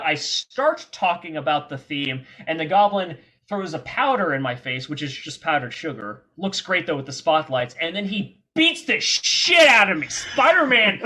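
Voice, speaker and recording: Guy telling wild stories on a podcast, swears a lot, bright sharp voice. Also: on the high side. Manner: animated, profane, quick anecdotes. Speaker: guest filmmaker and performer. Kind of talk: casual storytelling.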